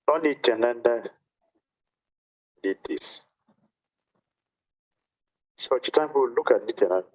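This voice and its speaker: A man, a monk, telling a devotional story in a sermon with animated delivery and frequent repetition of phrases. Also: medium pitch, fairly quick, long pauses, lo-fi sound. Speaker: monk giving a talk.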